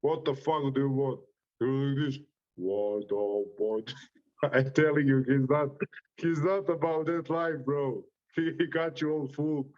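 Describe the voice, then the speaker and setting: A man's voice: on the high side, level tone, moderate pace, a little mellow, lo-fi sound. A man with a Croatian accent, a boxer giving an interview full of brash, profane trash talk and frequent laughs. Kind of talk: interview reaction.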